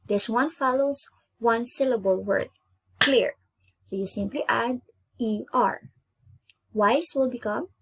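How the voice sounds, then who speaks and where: A woman with an Indonesian accent, pitched fairly high and a little breathy, teaches an online grammar lesson. She speaks patiently and spells things out, repeating each example slowly so learners can follow. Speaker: English teacher.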